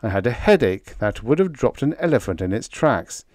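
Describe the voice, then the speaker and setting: A man narrating a humorous story in the first person, with a wry, deadpan manner. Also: mid-range voice, moderate pace, dry recording, clean studio sound. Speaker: audiobook narrator.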